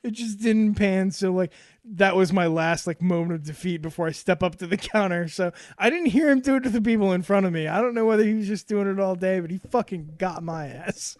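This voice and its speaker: Animated, swearing storyteller man in his thirties. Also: sits high, fairly quick, no room sound, clean studio sound. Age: 30s. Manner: animated storyteller, swears a lot, laughs often. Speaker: podcast co-host. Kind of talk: casual boozy podcast chat.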